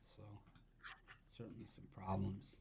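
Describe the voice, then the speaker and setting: A man hosting a live sports betting show, talking in quick, loose banter with slang. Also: low-pitched, little pitch movement, creaky, very noisy. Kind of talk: casual live-stream chat.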